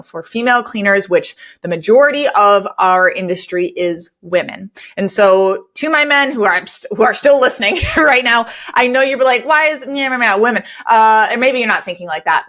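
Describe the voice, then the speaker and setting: This is a woman hosting a podcast, talking candidly and earnestly. Her delivery is loose and conversational, with plenty of "like" and restarts, and her pitch sits in the middle of the range. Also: fairly bright tone. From United States. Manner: earnest, conversational, filler-heavy. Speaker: cleaning business owner and podcast host. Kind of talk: candid storytelling podcast talk.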